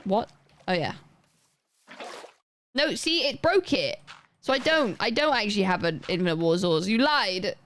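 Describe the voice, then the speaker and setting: A woman's voice: medium pitch, lively intonation, a little slow, long pauses, fairly bright tone, slight background noise. A young woman livestreaming a game, chatting casually and rambling as she plays and talks to her chat.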